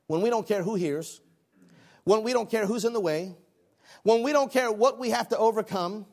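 A man preaching a sermon, swinging between loud exclamations and hushed, quiet lines. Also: sits high, normal speed. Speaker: pastor.

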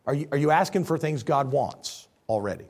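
A man's voice: on the high side, a little fast, breathy edge. A middle-aged male pastor preaching a sermon, rising and dropping his voice for emphasis. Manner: animated preaching, rises and drops for emphasis.

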